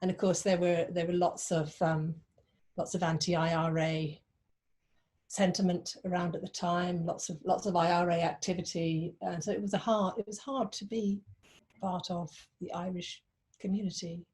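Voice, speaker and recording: Lower-voiced actress telling anecdotes. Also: female voice, moderate pace. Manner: lively anecdotes, frequent fillers. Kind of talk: anecdotal storytelling.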